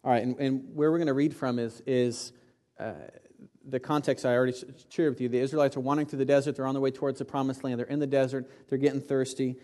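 A pastor preaching a sermon, often repeating and restarting words, building to loud peaks. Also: male voice, medium pitch, level tone, fast talker.

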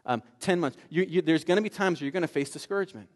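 A man preaching a sermon, telling a story in an animated way with frequent repetitions. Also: fairly high pitch, rapid-fire. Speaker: pastor. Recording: reverberant hall.

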